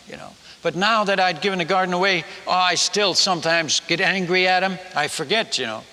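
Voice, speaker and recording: A male missionary preacher telling a story in a sermon, animated and self-mocking, with frequent halting restarts. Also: high-pitched, in a large hall.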